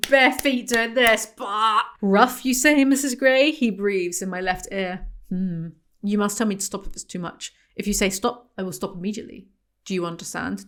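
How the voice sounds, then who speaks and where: A woman's voice: mid-range voice, fairly bright tone. Sarcastic woman mocking a book. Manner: sarcastic, mocking asides between quoted passages. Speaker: book reviewer. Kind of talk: comedic book review reading excerpts aloud.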